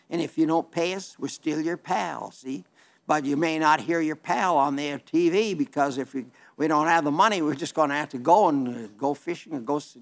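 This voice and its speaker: A man preaching on television in a folksy, earnest, plainspoken way, reading viewer letters and asking for support. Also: a little high.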